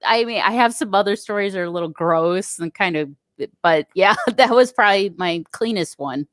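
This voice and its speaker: A woman's voice: mid-range voice, normal speed, no echo, studio quality. A woman chatting casually on a podcast about parenting, friendly and laughing often. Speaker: guest parent.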